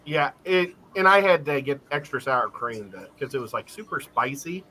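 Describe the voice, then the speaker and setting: A man co-hosting a casual live stream, telling stories in an animated way and laughing often. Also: medium pitch, moderate pace, a little hiss or hum, low-quality recording. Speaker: livestream co-host.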